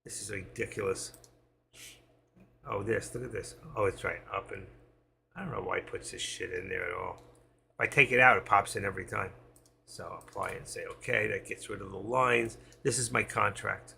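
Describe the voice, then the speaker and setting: A man's voice: fairly low pitch, moderate pace, gravelly, pushed and bright, a little hiss or hum. A man giving live trading commentary, thinking aloud and reading out prices as he trades. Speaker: stock trading streamer.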